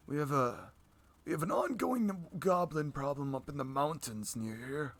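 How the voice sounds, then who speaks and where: A man runs a tabletop game in a bright, slightly high voice, recorded dry and close. He talks in quick, chatty bursts and laughs easily. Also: lively intonation, no echo. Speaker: dungeon master.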